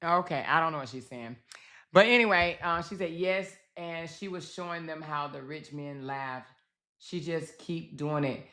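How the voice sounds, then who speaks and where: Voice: mid-range voice, moderate pace, sharp tone. A host commenting casually on a livestream clip, chatting straight to the audience.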